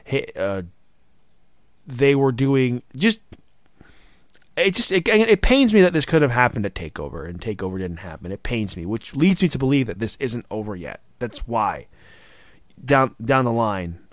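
Male podcast co-host, mid pitch, excitable, casual fan chatter on a dry close mic. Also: no echo. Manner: excitable, swears, acts out quotes. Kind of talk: casual wrestling review chat.

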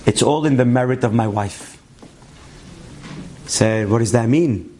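A man's voice: measured pace, slight background noise. A man giving a sermon as a story, acting out the people he quotes and mixing Hebrew words into his English. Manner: animated storyteller, acts out quotes with rising pitch, Hebrew terms sprinkled in. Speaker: rabbi telling a story.

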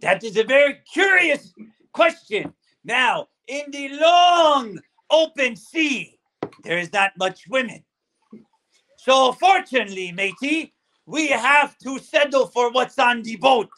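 A man playing a boastful pirate captain who takes over a podcast, shouting in pirate bluster. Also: extremely high pitch, expressive, slow, exaggerated voice. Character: boastful male pirate captain, gruff and grandiose. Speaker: podcast co-host.

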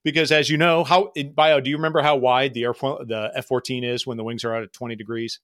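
A man's voice: medium pitch, fast talker, no room sound, studio quality. A middle-aged man telling flying stories in a casual podcast chat, acting out the voices of the people in them. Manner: animated, acts out quoted voices. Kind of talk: casual storytelling.

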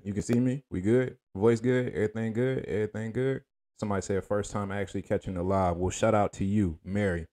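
A man hosting a casual livestream, talking in a laid-back, slangy way and greeting viewers by name with shout-outs. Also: lowish voice, fairly even intonation, brisk. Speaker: livestream host.

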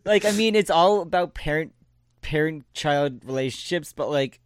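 A man's voice: on the high side, moderate pace, smooth, no echo, studio quality. A young man in his twenties co-hosting a podcast, talking in a blunt, profane, laid-back way. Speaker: podcast co-host. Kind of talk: casual chat.

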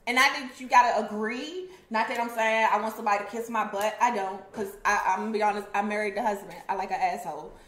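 A woman's voice: medium pitch, fairly even intonation, fast talker, hardly any pauses, fairly bright tone, reverberant. A woman co-hosting a casual chat, talking in an emphatic, blunt way. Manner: emphatic, blunt, says "period". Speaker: co-host.

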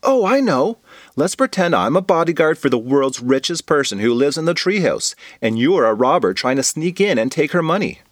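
A man's voice: a little high, expressive, fairly quick, few pauses, no room sound, studio quality. A man voicing a cheerful, imaginative young schoolgirl with a teasing, bubbly manner.

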